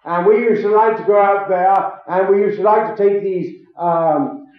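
An older man delivers a sermon in a fairly high voice, leaning slowly and emphatically on scripture in old-fashioned wording. The sound is thin and phone-like. It rings around a very echoey hall. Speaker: preacher. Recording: echoey hall on a tinny lo-fi recording.

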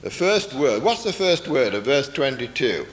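A man's medium-pitched voice swings widely in pitch at a normal speed as he preaches, explaining a Bible passage with earnestness and plenty of rhetorical questions. The sound echoes through a hall with long reverb.

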